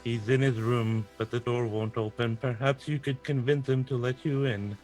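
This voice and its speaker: Man playing a calm robot crewmate. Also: medium pitch, moderate pace, faint music behind, natural voice. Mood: soothing.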